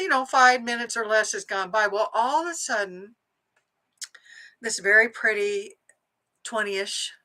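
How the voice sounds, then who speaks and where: A middle-aged woman, a psychic medium, chatting to viewers and telling a personal story in a lively way, acting out the lines she quotes. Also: mid-range voice, low-quality recording.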